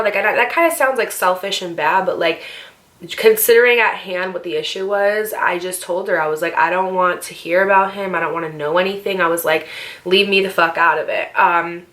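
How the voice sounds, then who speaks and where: A woman's voice: lowish voice, fairly quick, a bit bright. Chatty young woman telling a dramatic story. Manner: chatty and dramatic, with slang and swearing. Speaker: storytime vlogger. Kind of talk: casual storytime monologue.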